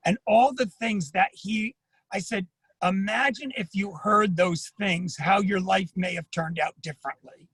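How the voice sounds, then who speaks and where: A man with a high, husky voice talks earnestly and personally as an addiction therapist at an online panel. He tends to repeat words as he speaks. His sound is dry and close, with no room around it. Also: unhurried, fairly bright tone, no echo, low-quality recording. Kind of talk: panel talk at an online symposium.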